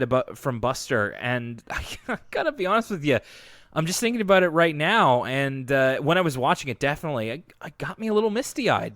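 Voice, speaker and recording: A man co-hosting a podcast in casual, animated chat, laughing often and doing playful voices when he quotes. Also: a little high, dry recording, clean studio sound. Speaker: podcast co-host.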